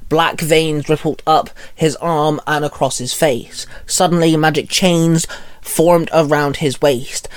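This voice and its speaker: A man's voice: a little high, fairly even intonation, slow pace, clear, resonant tone. A man reading a fan story aloud in a casual way, with small slips and restarts.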